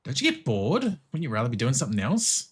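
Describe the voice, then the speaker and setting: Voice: mid-range voice, huge pitch swings, brisk, slightly rough. A streamer putting on a brash Australian woman. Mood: cheeky. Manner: brash, cheeky, swearing. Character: blunt Australian woman from a game. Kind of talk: put-on voice while reading game dialogue.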